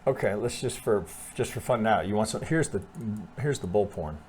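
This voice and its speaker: A man's voice: lowish voice, animated, normal speed, a little mellow, a little hiss or hum. A man talking casually through trading charts, thinking aloud with restarts, frequent "right?" and blunt swearing. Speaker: trading analyst. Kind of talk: casual chart analysis over screen share.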